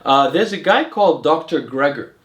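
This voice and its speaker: A man's voice: on the high side, expressive, moderate pace, a bit bright. A young man hosting a casual Q and A, talking in a rambling way with fillers and restarts. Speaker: host. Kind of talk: casual Q and A chat. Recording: echoey room.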